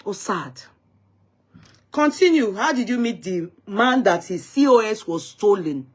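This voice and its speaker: A woman's voice: mid-range voice, lively intonation, unhurried. Emphatic woman hosting a live talk show. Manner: emphatic, indignant, repeats herself. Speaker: host of an online talk show. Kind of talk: live-stream talk show, recounting a dispute.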